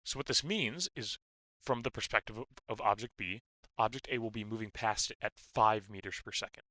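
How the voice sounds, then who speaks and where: A young man tutoring physics, explaining step by step with stop-start phrasing and uneven loudness. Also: on the low side, no room sound, poor audio.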